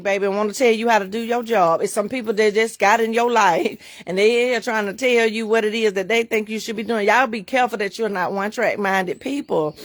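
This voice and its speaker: A middle-aged woman who owns a bookstore hosts a livestream, preaching emphatically and repetitively while laughing often. She sounds emotional, close to tears. Her mid-range voice comes through with studio quality and no echo.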